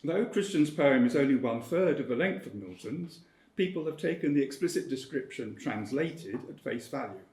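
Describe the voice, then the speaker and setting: A man giving an academic lecture in a measured, precise way, with firm emphasis on key points. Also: medium pitch, animated, darkish tone. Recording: roomy lecture hall.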